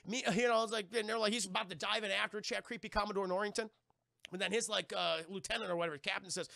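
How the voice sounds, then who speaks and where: A man's voice: high-pitched, quick pace, vocal fry, no room sound, clean studio sound. A man streamer giving a rambling, profane recap of a movie to his chat. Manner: crude, excitable, heavily profane.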